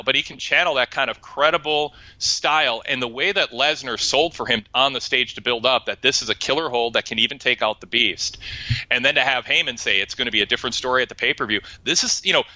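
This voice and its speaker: A man's voice: mid-range voice, sharp tone, dry recording, lo-fi sound. A man co-hosting a wrestling talk show, speaking casually and animatedly, quoting lines with relish.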